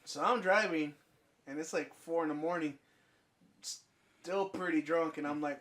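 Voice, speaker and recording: A man's voice: a little high, unhurried, long pauses. A young man on a casual podcast telling a crude story, swearing freely and acting out both sides of a conversation. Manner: profane, animated storyteller acting out dialogue. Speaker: podcast co-host.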